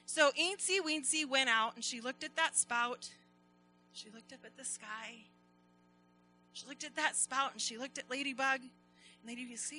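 A woman telling a story to children, animated and speaking directly to her young listeners. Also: high-pitched, normal speed, a little hiss or hum, low-quality recording.

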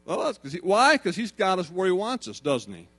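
Middle-aged guy preaching, highish voice, animated storytelling, mains hum behind. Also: fairly quick, husky. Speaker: pastor. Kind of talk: sermon.

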